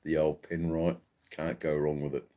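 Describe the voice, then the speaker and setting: A middle-aged Australian man with an Australian accent, hosting a relaxed, rambling live stream and chatting with viewers, with many ums and restarts. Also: extremely low pitch, moderate pace. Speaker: livestream host. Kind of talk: casual live-stream chat, reading viewer comments.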